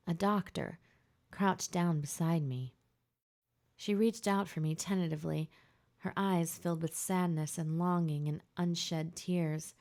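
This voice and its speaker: A woman narrating a first-person audiobook in a hushed, tense, emotional way. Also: lowish voice.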